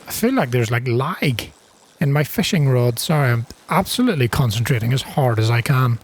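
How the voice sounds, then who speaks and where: A man talks casually through a farming game at an ordinary, mid-range pitch. He is chatty and self-mocking, and he breaks into sharp gasps when something surprises him. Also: expressive, normal speed, husky. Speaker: gaming channel host. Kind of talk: casual gameplay commentary.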